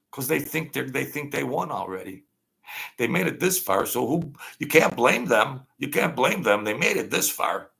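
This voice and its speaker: A man's voice: a little high, creaky, fairly bright tone. A man hosting a livestream political rant, sarcastic and mocking, repeating his points. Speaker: political commentary host.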